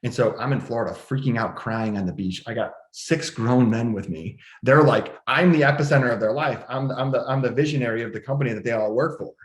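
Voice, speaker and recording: This podcast guest speaks a little fast at medium pitch, hardly stopping for breath, in a reverberant room at home. He's emotional and restless as he recounts a personal story, restarting frequently and acting out quoted dialogue.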